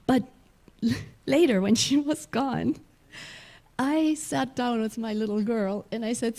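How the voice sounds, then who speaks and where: A woman's voice: on the high side, a little slow, vocal fry, dark tone. A woman minister from Germany, giving a sermon. She tells a personal story, laughs often and restarts her sentences.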